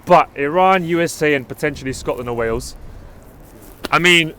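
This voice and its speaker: A man with a London accent co-hosting a casual football chat, relaxed, leading segments and talking to viewers. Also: fairly high pitch, normal speed, slight background noise. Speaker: podcast co-host.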